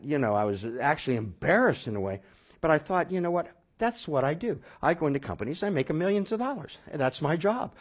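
A middle-aged man telling a personal story in a casual, rambling way, full of fillers and restarts, rising to loud excited bursts and dropping to quiet low stretches. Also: fast, breathy edge. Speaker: guest telling his testimony.

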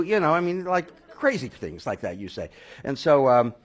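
A man telling his personal conversion story, halting with fillers and restarts, then growing animated and laughing at the funny parts. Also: mid-range voice. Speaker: speaker sharing a personal conversion testimony.

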